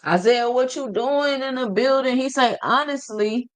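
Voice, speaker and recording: A man's voice: very high-pitched, moderate pace, fairly bright tone. A man hosting a boxing livestream, talking casually and slangily straight to his chat and reading out viewer comments.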